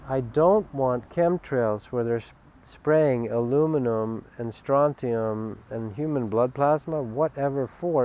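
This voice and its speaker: A man giving a spiritual webcast monologue, emphatic and rambling, swinging from loud declarations to hushed asides. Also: mid-range voice. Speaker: spiritual teacher.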